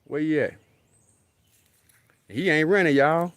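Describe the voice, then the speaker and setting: A man vlogs casually outdoors in a rural area near deer, recording himself and talking in a loose, repetitive street style. His voice is fairly high, at normal speed with long pauses, and there is no echo.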